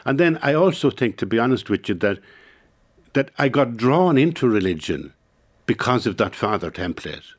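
An Irish man speaking as an interview guest in a studio, thoughtful and halting, often repeating words as he reflects. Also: medium pitch, big pitch swings. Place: radio studio.

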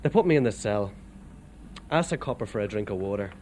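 A man with an Irish accent, telling of his rough times in plain, wry storytelling with local turns of phrase. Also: fairly low pitch, lively intonation, fairly quick, mellow, slight background noise. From Ireland. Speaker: immigrant worker. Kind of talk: storytelling testimony.

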